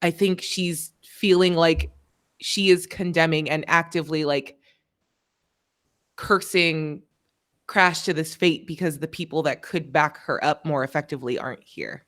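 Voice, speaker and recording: Playful low-voiced woman player. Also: fairly bright tone. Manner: playful, joking, quick to laugh. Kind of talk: casual tabletop game chat.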